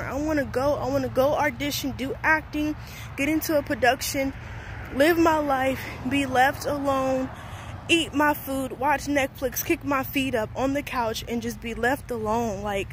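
A woman's voice: high-pitched, steady tone, measured pace, a little hiss or hum. A young woman, a college student vlogger, venting and rambling casually to her viewers with lots of filler words. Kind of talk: casual vlog talk to camera.

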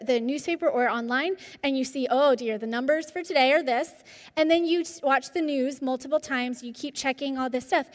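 A woman in her forties, a counselor presenting coping skills to a group, lively and asking the audience questions. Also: high voice. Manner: animated, asks the audience questions. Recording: long reverb of a hall.

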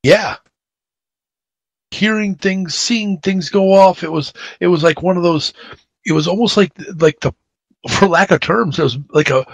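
Man, casual radio chat, excited rambling tales, dry studio voice. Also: on the high side, vocal fry, dry recording. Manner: animated rambling storyteller. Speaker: radio show co-host.

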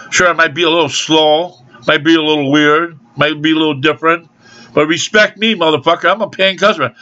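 An older man vlogger delivers a rambling, profane, aggrieved rant into a home video camera, an angry monologue. His voice is fairly high with a sharp tone, and the recording has a dull lo-fi home video sound.

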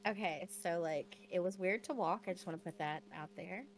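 A woman's voice: lowish voice, a little fast, low-quality recording. A woman chatting casually on a call, rambling and filling her talk with "like". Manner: rambling, chatty, filler-heavy. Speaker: friend in a karaoke group.

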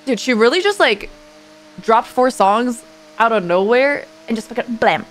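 A woman streamer reacting casually to a song, effusive and excitable and swearing freely. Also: a little high, moderate pace, a little hiss or hum.

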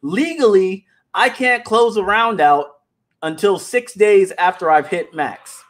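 Brief: high-pitched man, casual livestream host, animated and direct with his audience. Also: takes it slowly. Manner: animated, talks straight to viewers, repeats words. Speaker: animation company founder hosting a livestream.

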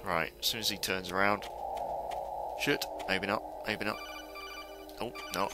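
A young man commentating a stealth video game for viewers, excitable and swearing as he plays. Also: fairly low pitch, a little slow, long pauses. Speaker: gamer playing a stealth game. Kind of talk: let's play commentary. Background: game music.

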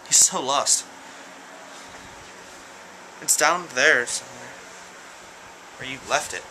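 A teenage guy rambling through shout-outs in a casual vlog at home, giggling and hesitant. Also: medium pitch, slow, a little hiss or hum. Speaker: vlogger. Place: room at home.

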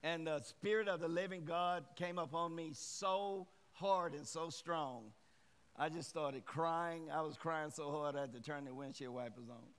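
A middle-aged man preaching in a church with lively energy. He calls out to the congregation for responses in a fairly high, bright-edged voice. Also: unhurried, clear, resonant tone. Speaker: guest preacher. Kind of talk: sermon. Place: church sanctuary.

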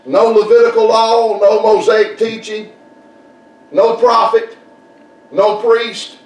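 A man's voice: high voice, little pitch movement, takes it slowly, a little mellow. A man preaching a folksy Baptist sermon, repeating phrases and drawing answers from the congregation. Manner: folksy, repetitive, call-and-response preaching. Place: church sanctuary. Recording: echoey church room, distant mic.

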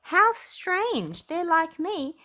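A woman voicing a friendly, lost young male platypus in a storybook reading, with a gentle, pleading manner. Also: extremely high pitch, sing-song, drawn-out words, pitched above the performer's own voice, full character voice. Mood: curious.

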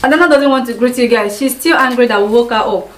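A woman's voice: a little high, fast talker. A woman with a Nigerian accent chatting casually as a mom vlogger, coaxing and affectionate with her children. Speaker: mommy vlogger. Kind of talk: casual vlog chat. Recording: echoey with loud background noise.

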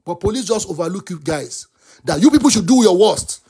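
A Nigerian-accented talk show host delivers animated commentary, impassioned and switching between English and Yoruba as he often bursts into shouts. His voice is high, husky and brisk.

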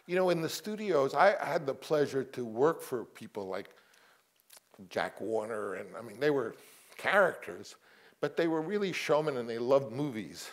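An older man with a mid-range voice speaks as a panel guest. He reminisces at length in a rambling, halting way, circling back as he hunts for words. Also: medium pitch, lively intonation. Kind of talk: anecdotal panel conversation.

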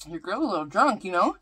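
A woman vlogger chatting through a storytime while eating, animated and full of fillers. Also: medium pitch. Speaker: mukbang vlogger.

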